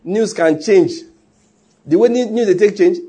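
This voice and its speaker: A man's voice: high-pitched, a little slow, warm tone, slightly rough. A male pastor preaching a sermon emphatically, with rhetorical questions.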